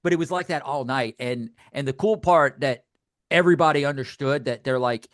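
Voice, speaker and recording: Telling stories during a casual podcast chat, an older co-host acts out quotes with animation. His mid-range voice is brisk, and the recording is dry and studio quality.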